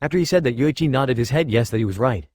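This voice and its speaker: A man narrates a fan fiction story in a flat, hurried reading voice. He races through the text at a brisk pace. The recording is dry and close. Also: medium pitch, dry recording.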